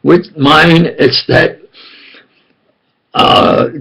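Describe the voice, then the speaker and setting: An older man with a New York accent, telling a rambling, insistent personal story in a slow monologue. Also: a little high, steady tone, vocal fry, fairly bright tone, husky. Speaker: self-styled preacher and storyteller.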